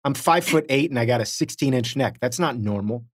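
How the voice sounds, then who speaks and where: A man's voice: mid-range voice, expressive, a little fast, breathy edge, no room sound, studio quality. A middle-aged man co-hosting a podcast, chatting casually and telling self-deprecating anecdotes while acting out the people in them. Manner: self-deprecating storyteller, acts out quoted voices. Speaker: podcast co-host.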